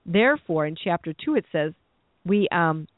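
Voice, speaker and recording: Animated and medium in pitch at a normal speed, a preacher gives a heartfelt sermon, circling back and restarting phrases as his point grows. The sound is dry and tinny, phone-like.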